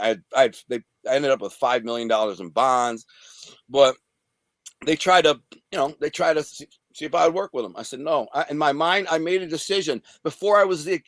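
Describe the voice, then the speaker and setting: A guest from the Detroit area in the USA recounts a blunt, profane, streetwise story from his past. His voice is medium-pitched with a fairly bright tone, and the recording has no room sound.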